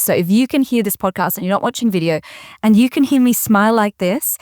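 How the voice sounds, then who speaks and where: A woman speaking as an interview guest, confident and energetic, with neat quotable phrasing. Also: mid-range voice, no room sound, studio quality. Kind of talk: interview conversation.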